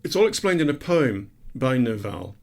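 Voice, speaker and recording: A man's voice: medium pitch, sing-song, normal speed, gravelly. A man co-hosting a podcast in casual chat, with dry, self-mocking asides. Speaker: podcast co-host.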